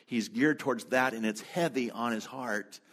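A man preaching a sermon in a relaxed, conversational storytelling way, with quick asides. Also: medium pitch. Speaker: pastor.

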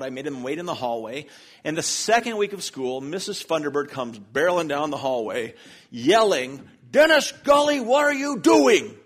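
Humorous storytelling pastor, fairly high voice. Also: male voice. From Charlotte, North Carolina, US. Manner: self-deprecating, humorous storyteller. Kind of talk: sermon with personal storytelling. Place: church.

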